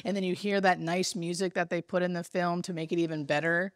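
A woman, a hospice nurse telling a story in casual chat, animated and full of fillers. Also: fairly low pitch, a little fast, no echo, clean studio sound. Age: 30s.

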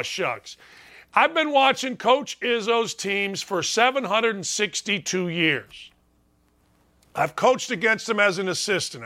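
A man's voice: sits high, pushed and bright. A middle-aged man hosting a sports talk show, brash and mocking, hammering his punchlines again and again.

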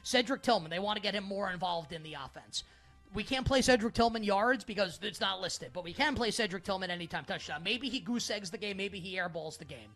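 A man's voice: high-pitched, a little fast, fairly bright tone, soft background music. A man hosting a sports betting talk show, rambling casually with lots of "like" and playfully calling himself by a mock-royal title. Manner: playful mock-regal self-reference, rambling with frequent "like". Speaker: sports betting radio host.

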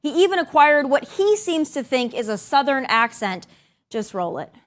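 A woman with a high, bright-pitched voice hosts a studio opinion show. She delivers her commentary with pointed sarcasm and heavy emphasis. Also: sing-song, normal speed. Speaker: host.

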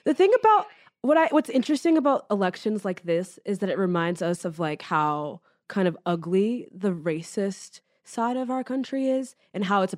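A woman's voice: fairly low pitch, dry recording, studio quality. A young adult woman guesting on a podcast, agreeable and thoughtful in casual chat.

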